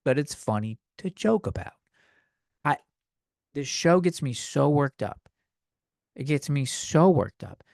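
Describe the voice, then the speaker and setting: A man's voice: a little high, lively intonation, measured pace, creaky, pauses often, no echo, studio quality. Profane young man ranting on a podcast. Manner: ranting, profane, worked-up and loud at times. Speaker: podcast host. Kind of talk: comedic rant.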